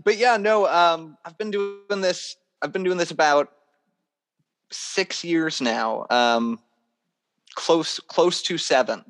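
Animated male toy maker chatting. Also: fairly high pitch, slow. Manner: animated, theatrical storyteller. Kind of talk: casual podcast interview.

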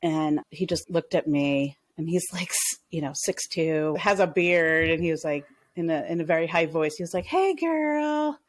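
A woman in her thirties tells how her small business grew, in a casual interview. She talks a little low and acts out what each person said, with plenty of "like" along the way. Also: normal speed, hardly any pauses. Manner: animated, acts out dialogue in her stories with lots of "like". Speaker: small business owner, guest.

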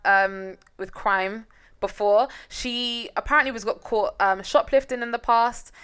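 Young woman co-host, blunt and laughing, bright voice, casual true-crime banter. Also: a little high, unhurried, clear, resonant tone. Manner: laughs often, blunt and swearing. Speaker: podcast co-host.

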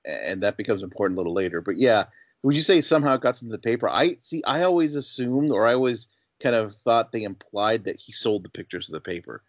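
A man's voice: fairly low pitch, lively intonation, quick pace, no room sound. A man co-hosting a podcast in casual film discussion, recounting scenes in a conversational, analytical way. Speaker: podcast co-host.

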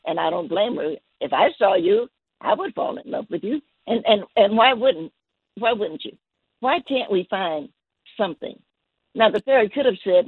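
Husky woman on the phone telling a story, stops and repeats herself a lot, sounds dry and tinny. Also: mid-range voice, expressive, no echo. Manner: halting, repeats words while telling a gentle story. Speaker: guest. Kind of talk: storytelling on a call-in show.

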